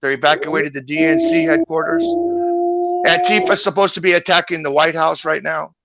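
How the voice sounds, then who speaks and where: A man's voice: fairly high pitch, big pitch swings, normal speed, vocal fry, loud music behind the voice. A man joining a live stream as a guest, relaying reports urgently.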